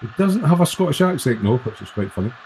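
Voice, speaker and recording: A man's voice: mid-range voice, very animated, fast, warm tone, a little hiss or hum. Rambling man hosting a live stream. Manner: rambling, friendly, many fillers. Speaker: livestream host, hobby model maker. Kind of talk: casual live-stream chat. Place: home workshop at his bench. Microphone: laptop built-in mic.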